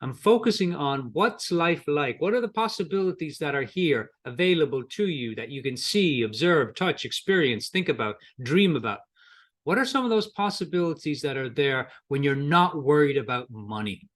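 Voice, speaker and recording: A man's voice: a little high, expressive, moderate pace, a bit bright. A middle-aged man teaching a coaching lesson in a conversational way, acting out both coach and client in short quoted exchanges. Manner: conversational, with repetitions and restarts. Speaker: coaching trainer. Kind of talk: coaching lesson with role-played client dialogue.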